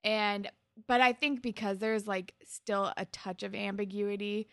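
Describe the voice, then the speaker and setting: Young woman on a recap podcast, lots of vocal fry, laughs a lot, dry close mic. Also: mid-range voice, fairly even intonation, unhurried, a bit bright, dry recording. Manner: chatty, laughs often, lots of fillers. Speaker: podcast co-host. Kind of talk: casual recap chat.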